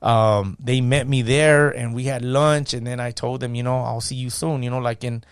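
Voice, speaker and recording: A man's voice: mid-range voice, moderate pace, clean tone, no room sound, clean studio sound. A middle-aged man from California's San Gabriel Valley, a podcast guest telling his own story in casual talk, acting out the voices of people he quotes. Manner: animated storyteller, acts out quoted voices, fillers like "you know what I mean". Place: podcast studio.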